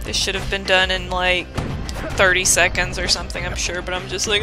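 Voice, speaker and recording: A woman's voice: on the low side, little pitch movement, a little fast, music in the background. A woman giving live gameplay commentary as a let's play host, exclaiming and mocking her own mistakes.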